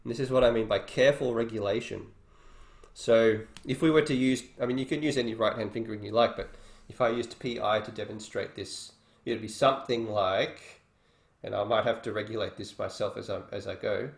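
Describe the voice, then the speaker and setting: A man's voice: on the low side, steady tone, brisk, creaky. A man teaching guitar in an online workshop, explaining casually and thinking aloud between demonstrations. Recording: roomy echo with faint guitar.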